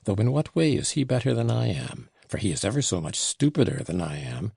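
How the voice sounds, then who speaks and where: Audiobook: man voicing a scornful young manservant, low gravelly tone, curt and cold. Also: sing-song, fairly quick, mellow, no room sound, studio quality, heavily acted. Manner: curt, disdainful. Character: sullen proud young male servant, contemptuous. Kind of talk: audiobook reading.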